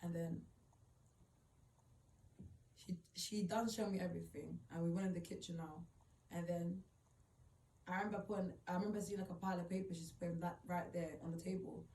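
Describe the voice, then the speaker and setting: A woman's voice: on the low side, fairly even intonation, brisk, pauses often, warm tone. A woman retelling a personal story in an emotional, rambling way, full of "like". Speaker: vlogger. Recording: roomy, distant mic, faint ambience.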